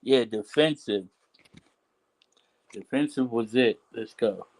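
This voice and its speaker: Male stream host, slow and repetitive, chatty and casual. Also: medium pitch, darkish tone, slight background noise, low-quality recording. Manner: slow, repetitive, drawn-out talk with many restarts. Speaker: livestream host. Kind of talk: casual livestream chat.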